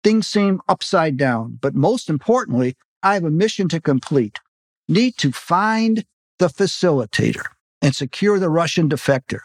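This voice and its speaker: A man reads his own novel aloud in a fairly high voice, close to the mic and dry. His delivery is animated and leaps up in pitch on the exclamations. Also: normal speed, no room sound. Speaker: author reading his novel. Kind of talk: audiobook reading.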